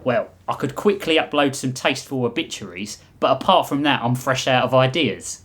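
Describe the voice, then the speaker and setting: A man's voice: mid-range voice, moderate pace, a bit bright, close to an everyday voice. A man reading the lines of a sarcastic, grumpy robot companion in a dry, muttering way. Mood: sardonic.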